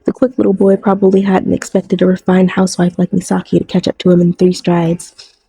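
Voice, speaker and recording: A woman reading a novel aloud in an even, measured way. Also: lowish voice, vocal fry, slightly rough, poor audio. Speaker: audiobook narrator. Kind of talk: scripted narration.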